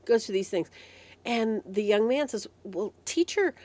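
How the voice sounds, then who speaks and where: A woman hosting a devotional meditation talk, recovering from a head cold, animated in her storytelling and clearing her throat often. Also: medium pitch, normal speed. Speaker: host.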